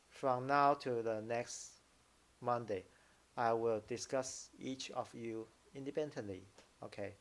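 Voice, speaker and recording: A man with a Mandarin Chinese accent teaching a live online lesson, halting, restarting phrases and demonstrating tones out loud. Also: mid-range voice. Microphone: computer mic, video call.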